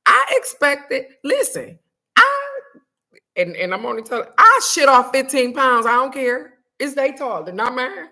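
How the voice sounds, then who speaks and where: A woman hosting a casual livestream, talking loud and fast with slang, swearing and lots of laughter. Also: a little high, animated. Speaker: spiritual card reading host. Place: on a trip abroad.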